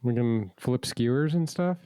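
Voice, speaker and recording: A man's voice: mid-range voice, measured pace, warm tone, clean tone, no room sound. A man co-hosting a podcast, chatting casually with playful, goofy, teasing humor. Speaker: podcast co-host. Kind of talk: casual chat.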